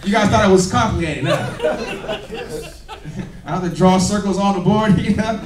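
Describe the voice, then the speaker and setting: Energetic man training a crowd. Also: high voice, unhurried, far from the mic. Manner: energetic, laughing, call-and-response with audience. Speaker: business trainer. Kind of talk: motivational training talk. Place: meeting room with audience. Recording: echoey room, recorded from afar.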